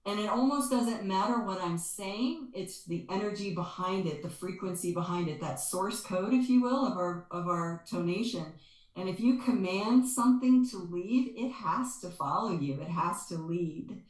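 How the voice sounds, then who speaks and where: A woman's voice: medium pitch, expressive, moderate pace. A woman guest and spiritual energy healer, talking earnestly and expressively in an interview and repeating words for stress. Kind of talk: conversational interview, explaining and storytelling. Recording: echoey room.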